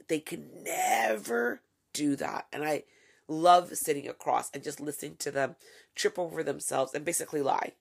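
A woman's voice: deep voice, normal speed, vocal fry, husky. A woman hosting a casual solo podcast, delivering sarcastic, profane, gossipy commentary. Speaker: podcast host.

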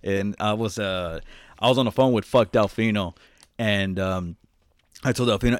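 A man's voice: lowish voice, moderate pace, dry recording, clean studio sound. A young man co-hosting a podcast, talking casually and emotionally, swearing often and rambling with lots of laughs. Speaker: podcast co-host.

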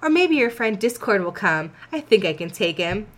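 A woman's voice: medium pitch, big pitch swings, moderate pace, a bit bright. Teasing villain queen for a silly fanfic read, woman doing it, sneers and gloats. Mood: gloating. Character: sneering villainous insect-like pony queen, female.

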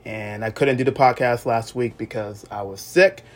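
A man hosting a solo sports podcast, recapping games in an excited, emotional way and often repeating himself. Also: mid-range voice, moderate pace. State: recovering from illness. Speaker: podcast host.

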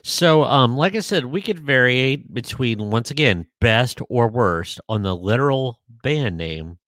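A man co-hosting a podcast in casual chat, joking dryly and pausing often with ums. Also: mid-range voice, expressive, fairly bright tone, no echo. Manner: dry joking, hesitant with many ums. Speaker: podcast co-host.

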